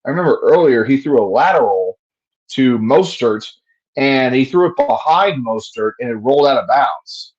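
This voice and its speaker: A man's voice: medium pitch, lively intonation, normal speed, a little mellow, highs cut off. A man giving casual play-by-play commentary on a fan livestream, profane and frustrated, ranting between plays.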